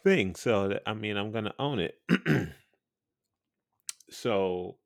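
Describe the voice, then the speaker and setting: A man's voice: on the low side, big pitch swings, takes it slowly, creaky, no echo, studio quality. A man hosting a podcast, telling a story in a blunt, profane, chatty way and laughing now and then. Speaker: podcast host and radio personality.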